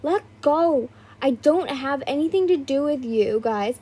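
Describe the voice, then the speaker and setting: A woman voicing a frightened young woman who shouts defiantly, while reading a fan story. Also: high voice, animated, a little slow.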